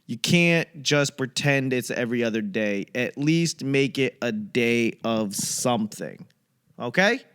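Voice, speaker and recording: A young man hosting his own comedy podcast, rambling through a casual monologue and acting out other people in quick bits. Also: medium pitch, expressive, fairly bright tone, clean tone. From United States. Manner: acts out voices in quick bits.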